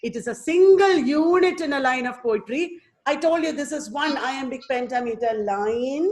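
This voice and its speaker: A woman's voice: sits high, normal speed, darkish tone. A woman with an Indian English accent giving an online lecture, patiently repeating and sounding out words. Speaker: teacher giving a webinar.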